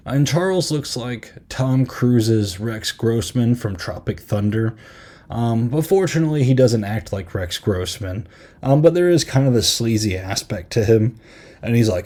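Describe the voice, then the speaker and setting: A man hosting a podcast, casually recapping a horror film with lots of "like" and "um" and quick half-acted quotes. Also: medium pitch, expressive, mellow. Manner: rambling, filler-heavy recap with frequent "like" and "um"; easily amused, retells scenes with quick half-acted quotes. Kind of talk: casual chat.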